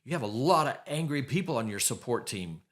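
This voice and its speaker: A man's voice: mid-range voice, animated, brisk. A middle-aged man hosting a faith-based advice podcast, speaking bluntly and emphatically and repeating his key phrases. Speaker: podcast host.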